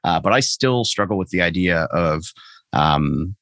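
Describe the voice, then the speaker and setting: Low-voiced man talking casually, fillers and restarts. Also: animated, measured pace, fairly bright tone, no room sound. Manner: rambling, self-deprecating, lots of fillers and restarts. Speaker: podcast guest. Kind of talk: casual conversation. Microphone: remote call.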